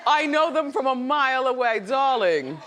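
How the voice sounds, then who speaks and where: A talk show hostess with a very animated, swooping voice, gossiping and laughing as she teases her audience. She sounds playful and at ease in a studio, with a faint murmur of the live crowd behind her. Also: high-pitched, moderate pace, a little hiss or hum.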